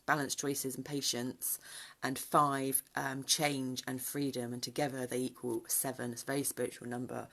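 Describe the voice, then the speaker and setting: A woman with a British accent giving an unhurried spiritual guidance talk, pausing with frequent ums and slowing into repeated affirmations. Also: a bass voice. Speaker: spiritual guide.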